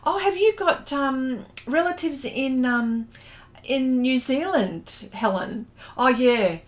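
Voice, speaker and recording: A middle-aged Australian artist hosts a livestream, casually chatting and reading out viewer comments, giggly and hesitant with lots of ums. Her voice is high-pitched and her pace slow.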